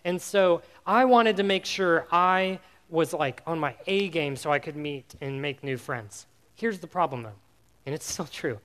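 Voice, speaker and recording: A man with a notably high voice delivers a youth sermon. He tells his story in an animated, self-mocking way, full of casual fillers, then turns to earnest teaching. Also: unhurried. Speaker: youth pastor.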